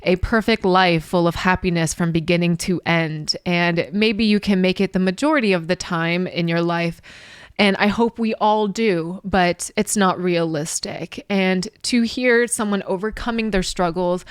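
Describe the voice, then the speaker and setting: A woman giving heartfelt reaction commentary on a song, tearful and emotional, halting with small laughs and sighs. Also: lowish voice, fairly even intonation, smooth, no echo, studio quality. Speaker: music reaction YouTuber.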